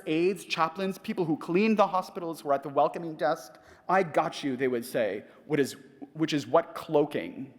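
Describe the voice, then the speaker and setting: A middle-aged man giving a prepared conference lecture, measured and reflective, asking rhetorical questions. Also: on the high side. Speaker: conference speaker. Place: large conference hall. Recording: reverberant hall.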